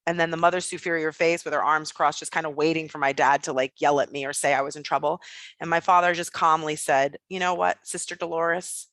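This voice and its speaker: A woman with a bright, forceful voice tells a personal story as an interview guest. She is blunt and animated and swears without pause. The sound is close and dry. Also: deep voice, no echo. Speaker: guest, business coach.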